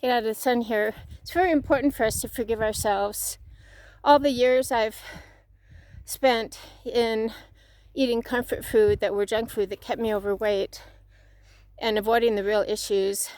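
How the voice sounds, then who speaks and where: A fairly high-voiced woman talks outdoors as she walks, a little out of breath, giving an earnest, preachy motivational talk that circles back on its own phrases. The sound is close and dry. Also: fairly even intonation, normal speed, darkish tone, no room sound. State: slightly out of breath. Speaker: fitness vlogger. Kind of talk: motivational talk while walking.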